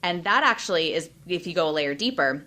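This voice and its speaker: Candid woman coach, lowish voice. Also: expressive, bright, forceful tone. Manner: open, emotional, speaks in quick bursts with fillers. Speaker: life and business coach, guest. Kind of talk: candid interview conversation.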